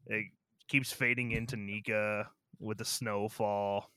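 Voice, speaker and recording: A man co-hosting a casual movie review podcast, talking in an animated, sarcastic way and swearing freely. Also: fairly low pitch, slow, clean tone, no echo, clean studio sound. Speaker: podcast co-host.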